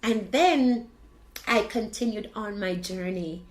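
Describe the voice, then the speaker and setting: A woman tells a personal story in an animated way, acting out the dialogue. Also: mid-range voice, takes it slowly, rough recording. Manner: animated, expressive retelling with quoted dialogue. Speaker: video blogger.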